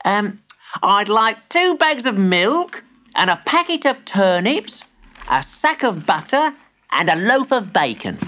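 A woman's voice: medium pitch, big pitch swings, slow, fairly bright tone, voice pushed up. A woman voicing an earnest, polite young boy. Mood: eager, earnest. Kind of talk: storybook voice acting.

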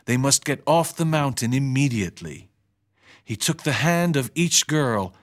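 A man narrating a story chapter in an even, measured storytelling voice. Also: medium pitch. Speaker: audiobook narrator. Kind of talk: scripted narration.

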